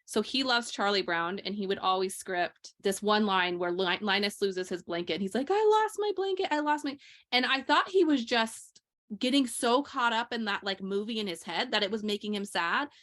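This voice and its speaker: A woman's voice: medium pitch, normal speed. A woman co-hosting a parenting podcast who tells anecdotes about her family in casual chat. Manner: storytelling, animated retelling of anecdotes.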